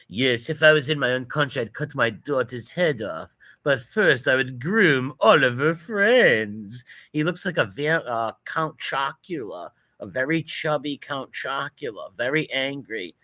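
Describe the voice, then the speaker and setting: A man's voice: medium pitch, expressive, unhurried, few pauses, bright, forceful tone, no room sound. A man giving profane, mocking reaction commentary over video clips. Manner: mocking, profane, running insults.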